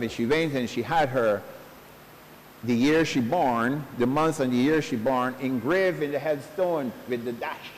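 A male pastor giving a funeral sermon in earnest, slow preaching sprinkled with homespun stories, recorded at a church service. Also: medium pitch, slight background noise. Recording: long church reverb.

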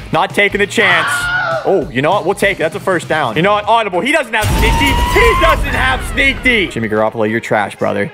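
A man giving live commentary over his own football video game play, excitable, swinging from muttered asides to sudden shouts. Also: mid-range voice. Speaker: gaming YouTuber.

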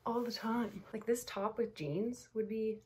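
A woman's voice: on the high side, unhurried, dark tone, slightly rough. A woman vlogging at home in a casual get-ready-with-me chat, playful and self-mocking, laughing between her lines. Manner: chatty with bursts of laughter.

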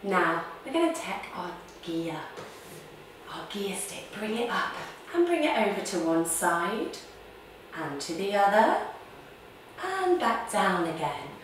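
Slow, playful kids' yoga teacher woman. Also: medium pitch, sing-song, slight background noise. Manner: playful, gasping and making beeping sound effects. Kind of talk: guided story-time yoga for children. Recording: echoey room, distant mic.

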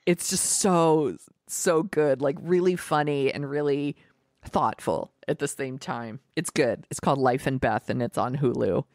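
A woman with a very deep, darkish voice co-hosts a podcast, speaking a little slowly in casual chat. She rambles and giggles through recommendations packed with "like" fillers, on a dry, clean studio recording.

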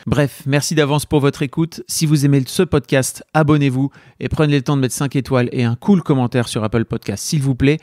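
A man's voice: mid-range voice, fairly even intonation, quick pace, few pauses, darkish tone, no room sound, studio quality. A French man in his forties with a French accent, hosting a podcast and speaking in a friendly way, often laughing as he talks. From France. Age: 40s. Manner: friendly, laughs while speaking, careful in English. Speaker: podcast host. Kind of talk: podcast intro and interview.

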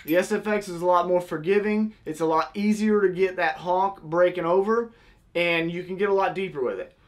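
A man's voice: high voice, fairly even intonation, fairly quick, slight background noise. A young man casually teaching, step by step, how to blow a goose call. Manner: step-by-step, demonstrating with vocal honk sounds.

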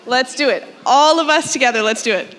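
A young woman chorus teacher, upbeat and encouraging, leading an audience warm-up chant at a school concert in a concert hall. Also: high-pitched, expressive, fairly quick. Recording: long hall reverb with music behind.

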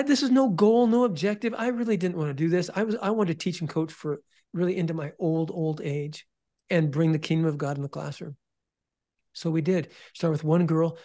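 Earnest guy sharing his testimony, kinda high voice, hushes way down when he quotes stuff. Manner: earnest, repeats words, restarts often, drops to a hush for quoted words. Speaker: ministry founder and guest. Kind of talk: emotional storytelling testimony.

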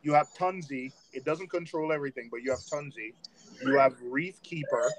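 A man's voice: medium pitch, moderate pace, heavy background noise. A man in a casual group chat on a live stream, joking and teasing the others. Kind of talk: casual banter.

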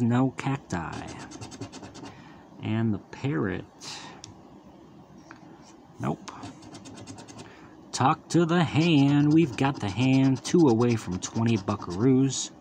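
A man at a middling pitch talks his way through scratch-off tickets in an unhurried, easygoing drawl. He names each symbol as it appears and tosses in playful asides. A faint hiss of background noise sits under his voice. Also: warm tone. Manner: calls out each symbol, upbeat wisecracks. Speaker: lottery scratch-off channel host. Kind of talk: casual running commentary while scratching tickets.

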